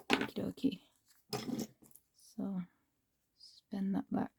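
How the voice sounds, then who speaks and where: A woman's voice: mid-range voice, steady tone, unhurried, creaky, long pauses, lo-fi sound, slight background noise. A woman chatting to herself as she crafts, often dropping into a whisper. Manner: chatty, talks to herself while working, drops into whispers. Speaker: crafting vlogger. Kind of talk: casual crafting commentary.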